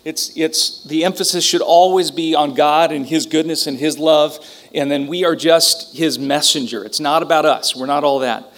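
A man teaching a Bible lesson from the pulpit in a relaxed, conversational way. His voice sits fairly high for a man, and he often pauses, restarts and fills gaps with um and uh. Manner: conversational, with frequent fillers and restarts. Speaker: pastor. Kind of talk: sermon teaching.

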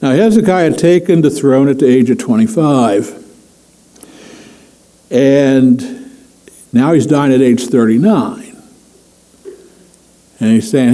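A man's voice: medium pitch, slow pace, long pauses, dark tone, low-quality recording. A man preaching a conversational sermon as pastor, chatty with frequent chuckles and many fillers.

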